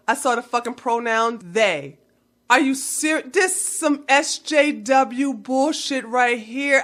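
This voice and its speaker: A woman's voice: sits high, slow pace, fairly bright tone. A woman vlogger delivering a heated, blunt commentary rant full of swearing. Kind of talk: profane ranting commentary.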